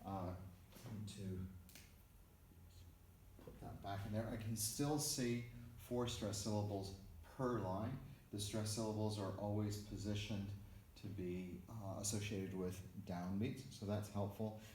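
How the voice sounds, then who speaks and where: A man's voice: lowish voice, steady tone, unhurried, darkish tone. A man teaching music theory in a recorded lecture, explaining methodically step by step as he writes out notation. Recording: echoey room with faint background noise.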